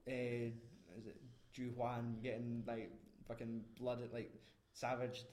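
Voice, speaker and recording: A man's voice: mid-range voice, flat delivery, slow, darkish tone, a little hiss or hum. A man in a casual, rambling film chat, full of fillers and swearing. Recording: roomy echo.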